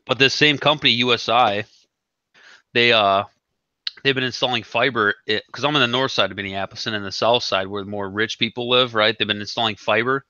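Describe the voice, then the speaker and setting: Male host, sharp bright voice, swears freely while ranting casually. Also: medium pitch, fairly even intonation, a little fast, no room sound. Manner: profane, ranting storyteller. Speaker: podcast host. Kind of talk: casual chat. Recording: dull lo-fi sound.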